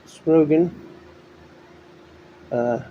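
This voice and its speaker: A man rambling through a morning monologue, short of breath and exhausted, talking in a weary, halting way with many pauses and fillers. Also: a little high, muffled recording, slight background noise. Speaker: vlogger. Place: at home indoors. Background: electric fan running.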